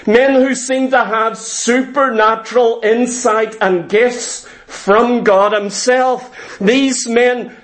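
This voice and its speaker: A man preaching a sermon, emphatic and deliberate, repeating phrases for stress. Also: very high-pitched, rough recording. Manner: slow, deliberate delivery.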